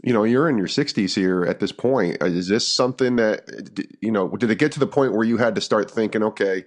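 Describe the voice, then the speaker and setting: A man's voice: lowish voice, a little fast. A man hosting an interview, asking long questions with restarts. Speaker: podcast host.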